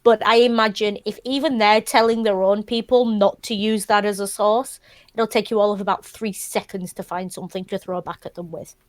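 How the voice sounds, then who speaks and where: A woman co-hosting a casual podcast chat. She lays out her points plainly and does not soften her language. Her voice sits at a middle pitch, recorded dry and close. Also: fairly even intonation, brisk, no room sound. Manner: blunt, sweary and explanatory. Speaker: podcast co-host. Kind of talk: casual panel discussion.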